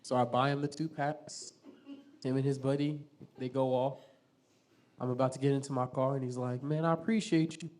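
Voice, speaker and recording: A man's voice: medium pitch, flat delivery, moderate pace, long pauses, darkish tone. A man from Tulsa performing a stand-up comedy set in a small theater. He tells crude stories full of swearing and riffs with the crowd. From Tulsa, Oklahoma. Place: small theater stage before a live audience.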